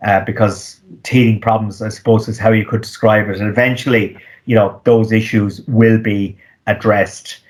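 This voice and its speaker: A man, an economist, giving measured interview answers with frequent ums and restarts. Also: on the low side. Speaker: economist guest.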